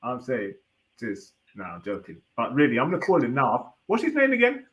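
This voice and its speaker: A man's voice: medium pitch, wildly swooping pitch, fairly quick, fairly bright tone, muffled recording. A man trading laughing, teasing insults in a casual stream chat. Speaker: stream guest.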